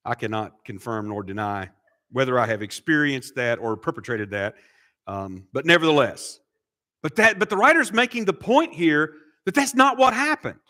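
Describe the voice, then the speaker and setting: A man's voice: medium pitch, big pitch swings, normal speed, pushed and bright. A middle-aged man preaching an expository sermon as pastor, asking rhetorical questions and repeating key phrases for emphasis. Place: church sanctuary.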